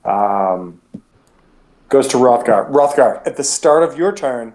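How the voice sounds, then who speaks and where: Male game master, mid-pitched, loose and rambling delivery, keeps restarting sentences. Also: expressive, takes it slowly, darkish tone. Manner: casual, rambling with frequent restarts. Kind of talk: narrating a tabletop game.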